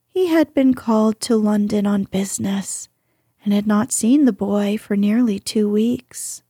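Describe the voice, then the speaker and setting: A woman narrating a storybook in a soft, gentle way, often breathy. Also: medium pitch, no echo, studio quality.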